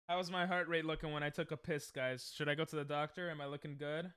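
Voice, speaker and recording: A man's voice: fairly high pitch, level tone, fast talker, few pauses, fairly bright tone, smooth, no echo, studio quality. A young man live-streaming, chatting to viewers in a rambling, self-mocking way while he plays. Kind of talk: casual live-stream chat while gaming.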